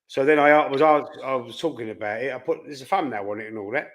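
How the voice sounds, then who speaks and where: A man's voice: medium pitch, fast talker, few pauses. A man with a Cockney accent hosting a casual live-stream chat, telling rambling anecdotes and quoting his own back-and-forth exchanges. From London. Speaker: host.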